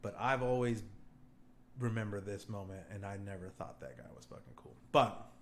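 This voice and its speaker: In a fairly low voice at a moderate pace, a young man hosting a podcast recounts a story in laid-back chat, swearing plenty and voicing the people involved with animated energy. The sound is echoey and roomy, with faint background noise.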